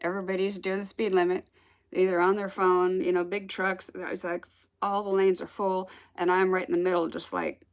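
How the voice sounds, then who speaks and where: A woman telling a personal spiritual story in a casual, animated way, acting out the voices she quotes and laughing often. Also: on the low side, normal speed.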